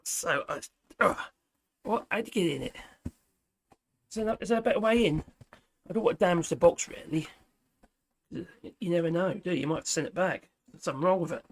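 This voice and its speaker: A man's voice: high voice, a little fast, pauses often, slight background noise. A man, reviewing a product as he unboxes it, chatty and self-mocking, talking to himself while he fiddles with things.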